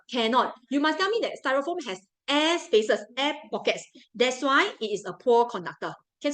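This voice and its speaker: A young woman with a Singaporean English accent teaches a revision class in a slightly high voice. She talks in a chatty, coaxing way and keeps repeating the key points for her students. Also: a bit bright, poor audio. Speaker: science tutor.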